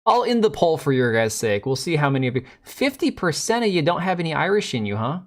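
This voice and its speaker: A man's voice: fairly high pitch, sing-song, quick pace. A man in his forties hosting a casual live stream, joking sarcastically and answering chat.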